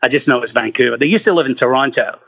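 A man's voice: mid-range voice, very fast, gravelly, fairly bright tone, slightly rough, highs cut off. A man from Scotland, a rock singer as interview guest, chatting casually in a rambling, self-deprecating way with plenty of swearing.

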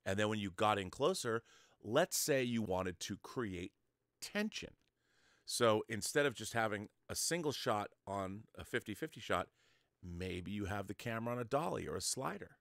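Male host, explains film like a lecture, talks to the viewer, lowish voice, dry sound. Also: animated, normal speed, vocal fry, a bit bright, dry recording.

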